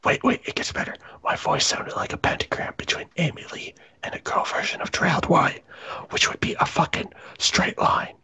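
A man doing a comedic, mock-dramatic reading of fan fiction, reading the punctuation aloud in a breathy half-whisper. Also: normal speed, sharp tone. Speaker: reader.

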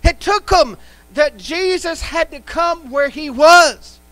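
A man's voice: very high-pitched, slow, fairly bright tone, dry recording, rough recording. A man preaching a live church sermon, emphatic and repetitive, speaking in a church sanctuary. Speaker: pastor.

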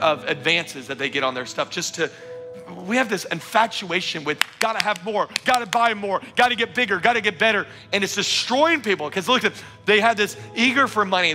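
A man delivers an energetic sermon, pressing his points with repeated phrases. His voice sits a little high and rings bright and forceful. Soft music plays faintly behind him. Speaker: pastor. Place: church auditorium.

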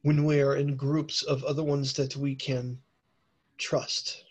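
A man doing a calm, mysterious mystic scarf maker. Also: mid-range voice, slightly rough. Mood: measured. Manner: measured, slightly sardonic.

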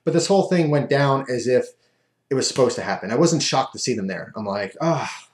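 A man's voice: mid-range voice, animated, brisk. A man casually telling a rambling, self-amused story as a vlogger, recorded in an echoey room.

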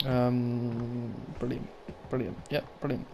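A man's voice: mid-range voice, drawn-out words, gravelly, background noise. A young man doing let's play commentary, swearing often and muttering sarcastically to himself. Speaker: gaming YouTuber.

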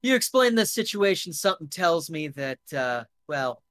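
A man doing a gruff, blunt fixer guy. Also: fairly high pitch, very animated, normal speed, fairly bright tone. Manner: gruff, blunt, swears freely.

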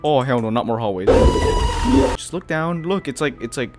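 A man's voice: medium pitch, expressive, moderate pace, over loud music. A man giving horror gameplay commentary as a YouTuber, jumpy and panicky, gasping, swearing and laughing nervously. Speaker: gaming YouTuber.

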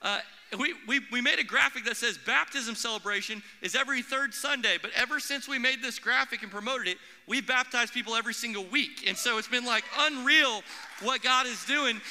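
A young man preaching a sermon as pastor in a church, animated, acting out the voices he quotes. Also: extremely high pitch, brisk. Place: church auditorium. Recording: long hall reverb.

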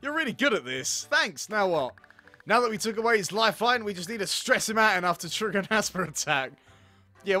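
A man's voice: high-pitched, pushed and bright, full character voice. A man voicing a scheming, bossy kindergarten boy in a video game, giving orders in a conspiratorial way.

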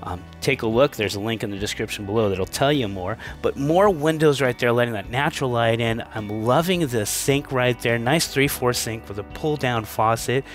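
A man's voice: medium pitch, normal speed, few pauses, soft background music. Upbeat man giving a home tour. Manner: enthusiastic, upbeat, chatty with filler restarts. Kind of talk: casual walkthrough narration. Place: inside a manufactured home at a show.

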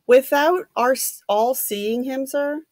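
A woman reading the lines of a blunt, gruff man, an ex-policeman, in a dry room. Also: mid-range voice, moderate pace, darkish tone, no room sound, lightly acted.

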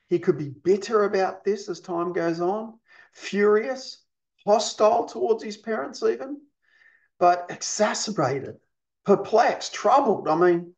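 Man teaching, slightly high voice, muffled. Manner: explanatory, checks in with "you see?" and "okay?". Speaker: counselling instructor. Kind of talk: recorded teaching lesson.

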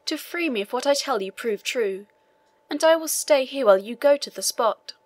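A woman's voice: sits high, animated, normal speed, no echo, voice pushed up. A woman voicing an imprisoned old male priest who earnestly insists on his hidden treasure and begs for his freedom. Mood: pleading.

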